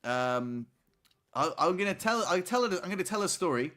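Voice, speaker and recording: A man's voice: high voice, expressive, normal speed, sharp tone. A man co-hosting a casual podcast, rambling through stories and tagging his lines with "right?". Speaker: podcast co-host. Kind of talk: casual chat.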